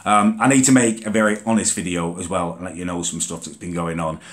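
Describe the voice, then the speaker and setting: A man's voice: low-pitched, fairly even intonation, fast talker. A young man telling an indignant rant to camera for his vlog, swearing casually. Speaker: vlogger. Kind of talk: ranting vlog storytelling.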